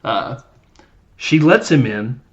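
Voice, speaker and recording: A man's voice: medium pitch, lively intonation, slow, muffled recording. A man hosting a podcast, casually recapping a film in a loose, chatty way with lots of fillers. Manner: loose and chatty, many fillers, laughs while acting out scenes. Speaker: podcast host.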